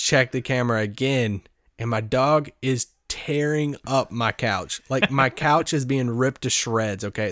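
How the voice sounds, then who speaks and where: A man co-hosting a sports podcast, telling a story in a lively, laughing way. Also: mid-range voice, dry recording, studio quality. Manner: animated storyteller, laughs often. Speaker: podcast co-host. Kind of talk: casual podcast chat.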